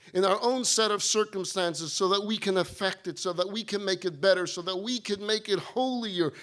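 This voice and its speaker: Bright-voiced rabbi telling humorous stories. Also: male voice, sits high, clear, resonant tone. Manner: humorous storytelling. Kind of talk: sermon-style talk.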